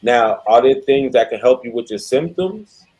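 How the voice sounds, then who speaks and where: A man's voice: mid-range voice, lively intonation, moderate pace, darkish tone, husky, low-quality recording. A man in casual podcast chat, blunt and profane when he makes a point.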